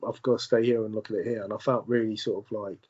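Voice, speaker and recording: Husky, muffled man telling his story. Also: lowish voice, flat delivery, a little mellow. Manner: halting, with many restarts and repeated words. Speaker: podcast guest. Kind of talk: conversational storytelling.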